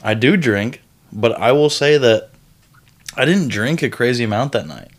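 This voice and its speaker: A man's voice: mid-range voice, lively intonation, normal speed. A man co-hosting a casual podcast, joking around in a laid-back way. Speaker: podcast co-host. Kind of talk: casual chat.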